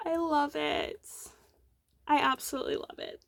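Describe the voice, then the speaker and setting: Woman, young, high-pitched, slow, gushing, filler-heavy show-and-tell. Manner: bubbly, rambling, many fillers, excited gushing. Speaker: knitting podcast host. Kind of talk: casual show-and-tell chat.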